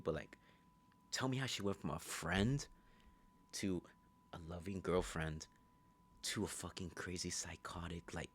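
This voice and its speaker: A man giving a casual, rambling, profane recap of a movie, telling the story fast. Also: low-pitched, fairly bright tone. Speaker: movie reviewer.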